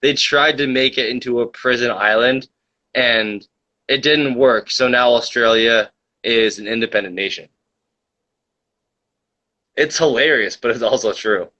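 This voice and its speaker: A man's voice: medium pitch, measured pace, pauses often, pushed and bright. Joking man hosting a livestream. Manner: joking, rambling, laughs often, mock-conspiratorial. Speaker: host of a comedy livestream talk show. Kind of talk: casual chat, reading out viewer comments. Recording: dull lo-fi mic.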